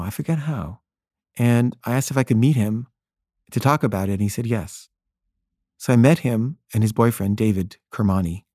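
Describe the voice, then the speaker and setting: Male filmmaker, earnest anecdotal delivery with stammered restarts, medium pitch, dry close recording. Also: a little mellow, no room sound. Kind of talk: personal anecdote storytelling.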